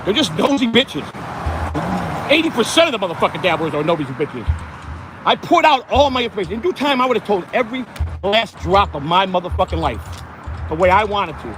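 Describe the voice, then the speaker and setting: A man's voice: sits high, sing-song, fairly quick, over music, low-quality recording. A man ranting angrily and profanely on a phone livestream while standing outdoors in the hot sun. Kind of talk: livestream rant. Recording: outdoor phone stream with traffic noise.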